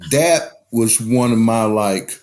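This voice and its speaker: A man's voice: lowish voice, slow, darkish tone. Candid storytelling man, podcast guest. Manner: candid storyteller, swears freely. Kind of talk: casual recovery podcast talk.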